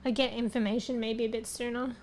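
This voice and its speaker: High-voiced woman streamer losing her voice. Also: flat delivery, fairly quick, a little mellow, a little hiss or hum. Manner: rambling, casual, swears often. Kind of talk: casual chat with viewers.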